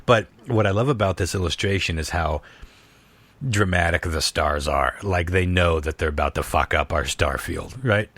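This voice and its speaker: A man's voice: deep voice, normal speed, fairly bright tone, no room sound. A man hosting a casual podcast chat, laughing often and swearing freely as he riffs. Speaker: podcast host.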